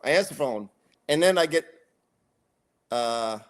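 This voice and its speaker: A middle-aged man telling a story in casual podcast chat, ranting and swearing a lot in an animated way. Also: medium pitch, a little slow. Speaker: podcast co-host.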